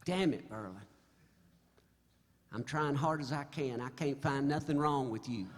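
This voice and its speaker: A man's voice: medium pitch, measured pace, slight background noise, natural voice. A man acting out a blunt, cheerful male doctor in a story on stage, in a slightly raised voice. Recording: live hall reverb, faint music.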